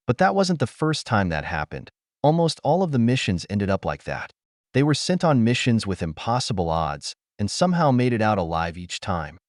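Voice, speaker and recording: Guy reading an audiobook, low voice, really expressive, dry close sound. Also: no echo. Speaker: audiobook narrator. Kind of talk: audiobook narration.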